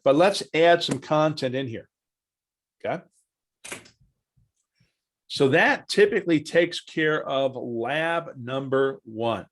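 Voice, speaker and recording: A male instructor teaching a live online class at a middle pitch. He talks in a loose, chatty way, narrating every click and tossing questions to his students. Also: slow pace, long pauses. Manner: chatty, asks the class questions, walks through steps aloud. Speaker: software trainer. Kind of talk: live online training session.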